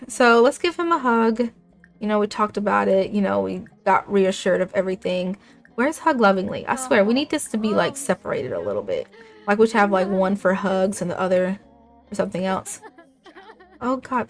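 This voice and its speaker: A woman's voice: mid-range voice, animated, a little fast, vocal fry. A young woman giving casual commentary as she plays a life-sim game, chatting along and speaking her characters' lines in her own voice. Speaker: let's play gamer.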